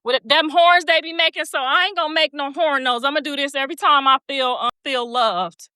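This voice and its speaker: A woman's voice: sits high, a little fast, pushed and bright, no echo. A woman hosting a livestream, telling stories bluntly with plenty of profanity and preachy asides, and reading viewer comments aloud. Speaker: livestream host. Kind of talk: casual livestream chat.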